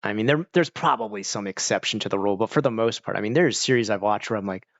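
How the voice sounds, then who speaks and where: A man's voice: on the low side, quick pace, a bit bright, dry recording, lo-fi sound. A man streaming and chatting casually with viewers, rambling, saying "like" a lot and laughing often. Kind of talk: casual chat.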